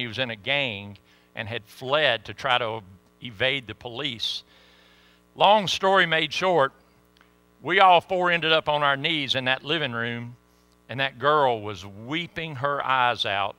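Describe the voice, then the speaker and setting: Preacher, middle-aged man, bright and sharp tone, dry close sound, folksy storyteller. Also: medium pitch, animated, measured pace, no echo. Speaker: pastor. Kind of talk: sermon storytelling.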